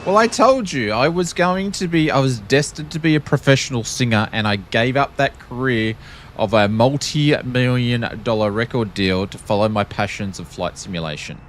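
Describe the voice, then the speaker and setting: A man's voice: medium pitch, animated, moderate pace, slight background noise. An Australian man streaming a flight sim, chatting casually with jokey, rambling, self-deprecating asides. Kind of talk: casual live-stream chat.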